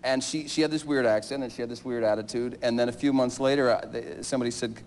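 A man's voice: medium pitch, quick pace, darkish tone, slight background noise. Rambling, jokey man on a talk show. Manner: rambling, jokey, laughs often. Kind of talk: casual talk show banter.

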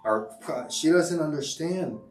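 A man's voice: on the high side, lively intonation, unhurried, darkish tone. A middle-aged man, a teacher hosting a casual livestream, rambling with many fillers and restarts. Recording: echoey room, far from mic, music behind.

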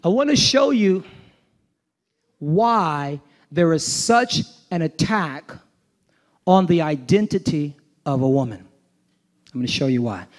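A man's voice: on the high side, lively intonation, slow, pauses often. A male pastor preaching a sermon, emphatic and informal, with slangy asides and call-and-response checks on his listeners.

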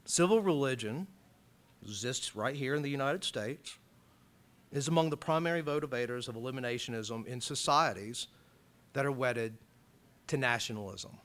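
Male college lecturer from Alabama, impassioned public talk, bright, forceful voice. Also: normal speed. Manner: impassioned, rising loud and high when reading quotes.

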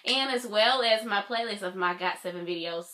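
A woman's voice: medium pitch, moderate pace. Gushing chatty young woman vlogger. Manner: gushing, excitable, lots of "like" and "oh my God". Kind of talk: casual reaction vlog.

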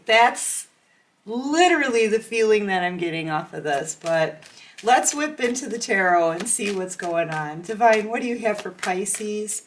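A woman's voice: mid-range voice, animated, a little slow. A woman giving a casual tarot reading, chatty and acting out imagined conversations with a laugh. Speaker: tarot reader.

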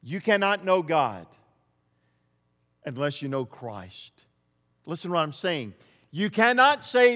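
A pastor delivers a sermon with a fairly high voice, hammering home points through repetition. His volume swells to near shouts and then drops low. The sound carries a long reverb from the church sanctuary. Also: big pitch swings, slow pace, pauses often. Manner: emphatic preaching, repeats phrases, swells and drops in volume.

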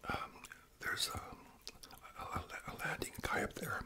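A man in his sixties telling a long story in a whispered ASMR voice, rambling and adding tag questions as he goes. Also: measured pace.

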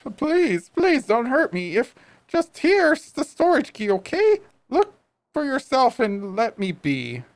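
A man voicing a timid male shopkeeper in a video game, high and jittery, begging and fussing. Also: wildly swooping pitch, unhurried, creaky, no room sound, full character voice. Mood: pleading. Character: timid nervous male shopkeeper, pleading and fussy.

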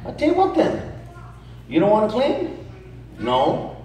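A man preaching a humorous sermon to a youth crowd, telling family stories with lively call-and-response asides. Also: high-pitched, unhurried. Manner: animated, storytelling, calls to the crowd. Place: large church hall. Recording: very echoey hall, distant mic.

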